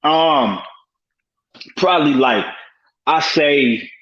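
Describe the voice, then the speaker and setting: A man on an online panel talks slowly through his view, hesitating and leaning on fillers and slang. His voice is slightly high. The sound is dull and lo-fi, as if over a call. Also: lively intonation, a bit bright. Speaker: panel guest. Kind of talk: casual online panel chat.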